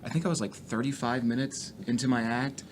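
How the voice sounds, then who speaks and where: A man's voice: medium pitch, fairly quick, slight background noise. A man, a stand-up comedian, telling profane road stories as a podcast guest. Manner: profane, animated storyteller. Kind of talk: casual storytelling.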